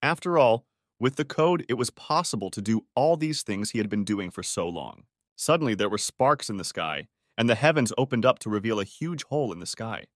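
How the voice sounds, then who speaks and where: A man reads a story recap aloud as scripted narration, his pitch rising and falling freely from line to line. The delivery stays even and steady, and the recording is dry and close with no room sound. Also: fairly quick, dry recording.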